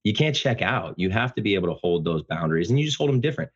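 A man talking casually as a podcast guest, speaking loudly and passionately with animated storytelling. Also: very fast, husky, lo-fi sound. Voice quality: loud booming voice. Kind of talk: casual conversation.

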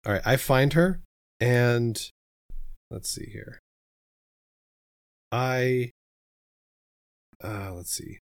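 A man's voice: mid-range voice, drawn-out words, creaky, pauses often, dry recording, studio quality. Man describing his character's actions. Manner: thinks aloud, describes actions step by step. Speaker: player. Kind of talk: casual tabletop play.

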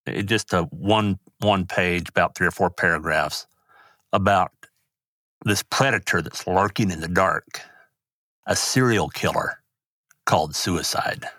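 An older man, a grandfather, speaking as an interview guest in a halting, grief-stricken way. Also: low voice, pushed and bright, dry recording, studio quality. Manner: halting, grief-stricken, voice rising when angry. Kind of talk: emotional interview talk.

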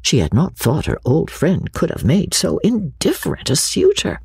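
Raspy-voiced woman narrating a classic novel. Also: deep voice. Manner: expressive, measured storytelling. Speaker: audiobook narrator.

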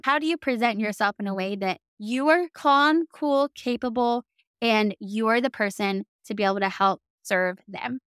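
At a normal pace, a young Southern American business coach talks to camera in a casual, upbeat way, frequently saying "like." Her voice is fairly high, smooth and a bit bright, with clean studio sound and no room tone.

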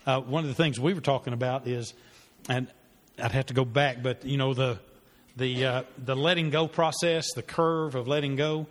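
A man's voice: mid-range voice, fairly even intonation, moderate pace, few pauses. A man leading a church parenting class, talking earnestly and conversationally, with fillers and restarts. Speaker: pastor teaching a parenting class. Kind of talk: sermon-style teaching with a story. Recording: long hall reverb.

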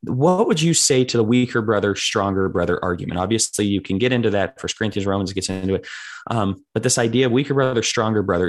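A man's voice: fairly low pitch, fast. A man hosting a casual church discussion, posing questions with lots of casual fillers. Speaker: discussion host.

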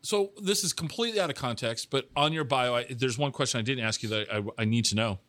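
A man in a mid range voice hosts a relaxed podcast interview. He rambles, teases his guest, and restarts his sentences as he goes. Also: medium pitch, quick pace. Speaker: podcast host. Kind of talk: casual interview chat.

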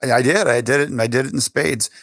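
An older man telling his story as an interview guest, animated, with frequent restarts. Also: mid-range voice, fast talker, vocal fry, no room sound, studio quality.

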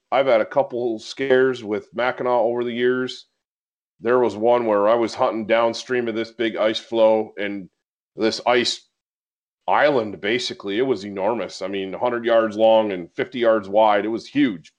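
A man hosting a podcast, telling a story in casual conversation and getting animated as he recounts it. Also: fairly low pitch, dull audio. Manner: animated storyteller, gets excited recounting events. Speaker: podcast host.

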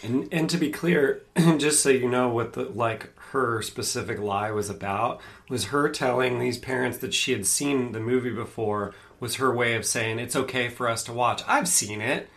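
A man's voice: mid-range voice, normal speed, gravelly, few pauses. A man co-hosting a casual parenting podcast who talks hesitantly, often searching for his words. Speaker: podcast co-host, parenting coach.

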